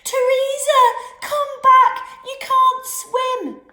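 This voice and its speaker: A woman voicing a dramatic, frantic schoolgirl with high, shrill, wailing cries. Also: flat delivery, very slow, pushed and bright, heavily acted. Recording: roomy echoey room.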